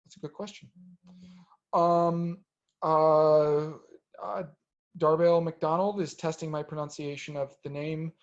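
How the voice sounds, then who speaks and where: Researcher, male, slightly high voice, halting Q&A delivery full of fillers, muffled remote recording. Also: fairly even intonation. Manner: hesitant, many ums and restarts. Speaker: researcher answering audience questions. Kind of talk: webinar Q&A.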